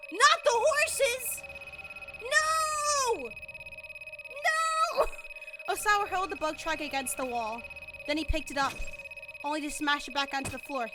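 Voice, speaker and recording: A young woman streamer reading a visual novel aloud and chatting with viewers, animated and excitable, swearing casually and breaking into sudden shrieks. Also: high-pitched. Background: game music.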